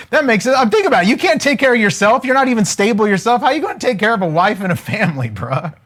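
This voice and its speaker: Man, fairly high voice, energetic live-stream coach, casual and joking, preacher-like. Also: rapid-fire. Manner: energetic, calls for comments. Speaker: online wealth coach.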